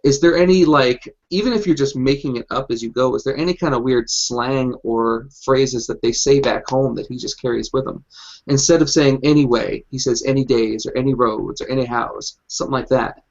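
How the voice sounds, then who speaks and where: A man's voice: mid-range voice, fairly quick. Male panelist, thoughtful, hesitant explainer, muffled call sound. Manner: explanatory, hesitant with many ums. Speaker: game master panelist. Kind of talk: casual hangout chat. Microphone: video call. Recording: dull lo-fi video call audio.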